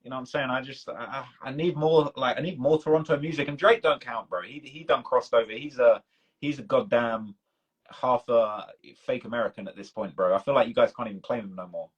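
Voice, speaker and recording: A man's voice: medium pitch, fairly quick, husky, lo-fi sound. A man with a British accent, rambling in casual chat as the host of a live stream, with loose speech full of "bro" and "man". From United Kingdom. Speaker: documentary creator and host. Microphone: video call.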